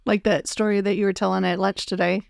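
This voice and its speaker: Woman host with a gravelly voice. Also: medium pitch, little pitch movement, fast talker, no room sound, clean studio sound. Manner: chatty, finishes the guest's sentences, laughs easily. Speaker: podcast host. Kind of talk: casual conversation.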